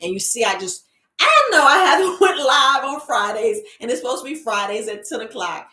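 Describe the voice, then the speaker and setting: A woman's voice: fairly high pitch, big pitch swings, brisk, bright, forceful tone. A woman herbalist hosting a casual live stream, giving a repetitive, preachy motivational talk and calling her viewers family, from a computer across the room. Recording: roomy echo.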